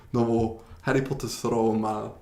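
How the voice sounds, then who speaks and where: Gravelly British man teaching casually. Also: medium pitch, warm tone. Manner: chatty, searches for words with many restarts; laughs at himself. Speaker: English teacher. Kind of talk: casual language lesson. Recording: roomy echo.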